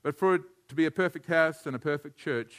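A man preaching a sermon, animated, swinging from hushed to near-shouting and chuckling between points. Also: on the high side, fast talker. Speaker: pastor.

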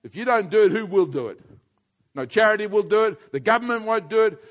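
Casting: male preacher, high-pitched, emphatic sermon with hushed and loud stretches. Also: lively intonation, fairly quick, lo-fi sound. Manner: wide swings from hushed to loud, emphatic repetition.

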